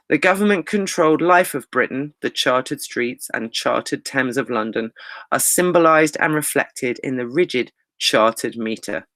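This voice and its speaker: A male English teacher giving a recorded lecture, explaining lively and reading lines of verse slowly. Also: mid-range voice, no room sound.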